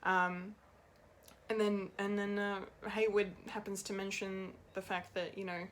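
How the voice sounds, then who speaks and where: A woman's voice: medium pitch, level tone, unhurried, a little hiss or hum. A woman giving an unscripted, rambling and emotional review of a TV episode, laughing often and swearing now and then. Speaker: pop culture reviewer.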